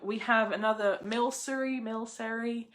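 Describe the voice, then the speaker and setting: A young woman hosting a casual live unboxing, chatty and excitable, gushing over each card she pulls. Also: a little high, moderate pace. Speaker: livestream host opening card packs.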